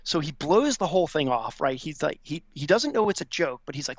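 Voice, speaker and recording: On a podcast, a veteran in his fifties recounts a casual, profane anecdote, performing the voices of those he quotes. His voice runs on the high side with big pitch swings and a slightly fast pace, captured in dry, slightly dull audio.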